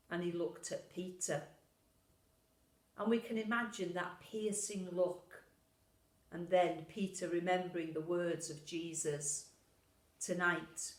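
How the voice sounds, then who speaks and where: A woman minister reading a pastoral letter in a gentle, reflective way. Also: on the low side, reverberant, low-quality recording. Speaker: Methodist minister. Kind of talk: pastoral letter read aloud.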